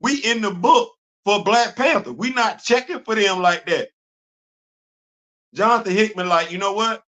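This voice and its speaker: A man hosting a live comics talk show, animated and exclaiming, repeating himself as he gets excited. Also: high-pitched, a little slow. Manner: animated, repetitive, exclaiming, laughing. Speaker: comics podcast host. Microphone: live stream mic.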